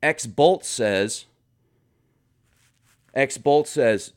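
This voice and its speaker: A man's voice: mid-range voice, very slow, long pauses. A man hosting a comedic vlog from his garage, reading viewer comments in a playful, sarcastic manner. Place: home garage.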